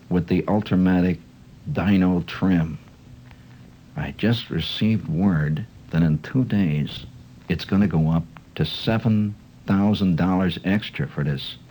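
A man voicing a sly, fast-talking male car salesman who confides in a wheedling, conspiratorial patter. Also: low voice, mellow, a little hiss or hum, low-quality recording.

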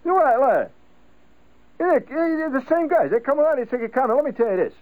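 A man's voice: high voice, wildly swooping pitch, fast, slightly rough, pitched above the performer's own voice, full character voice. A man voicing his grumbling, indignant working-class father who quizzes his wife and rants about the paper, heard over a tinny radio broadcast.

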